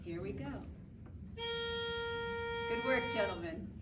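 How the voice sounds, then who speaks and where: A woman vocal coach leading a chorus rehearsal, giving lively, upbeat, chatty instructions in a rehearsal room. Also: on the high side, slow, over loud music. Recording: distant mic with background noise.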